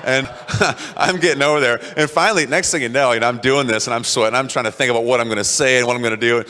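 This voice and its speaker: Guy telling stories to a crowd, animated, voice rings out in a big hall. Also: medium pitch, fast talker. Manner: animated, acts out quotes, laughs at himself. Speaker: motivational speaker. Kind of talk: storytelling talk to an audience.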